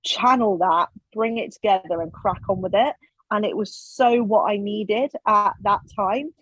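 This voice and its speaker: With a medium-pitched, slightly rough voice and a measured pace, a woman appears as a podcast guest, telling stories in casual conversation. She's animated and acts out others' words. The sound is dry, free of echo, and a little dull.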